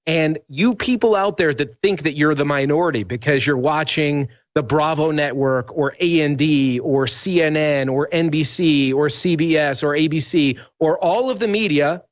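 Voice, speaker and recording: A man talking in an animated talk show conversation, telling stories emphatically and rambling with restarts. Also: fairly high pitch, moderate pace, lo-fi sound. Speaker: radio host guest.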